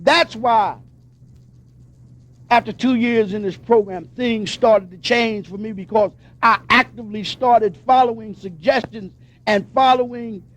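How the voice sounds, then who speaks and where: A man from Pennsylvania giving a personal testimony speech at a recovery convention, telling his story emphatically and acting out the dialogue. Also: extremely high pitch. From Pennsylvania, USA.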